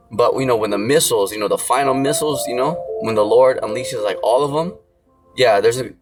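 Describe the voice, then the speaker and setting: Man, street-style preacher, rambling, slangy, mid pitch, music playing behind. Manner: rambling, heavy with fillers, blunt slang. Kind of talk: casual sermon with scripture reading.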